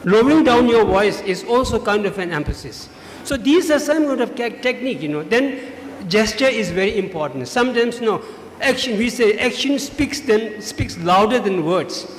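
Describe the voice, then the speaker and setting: This high-voiced man is a judge delivering feedback to students on their debating, emphatic and instructive, repeating key points again and again to drive them home. His pace is moderate and pauses are few. The recording picks up a big school hall with a long echoing reverb tail, plus slight background noise and faint ambience.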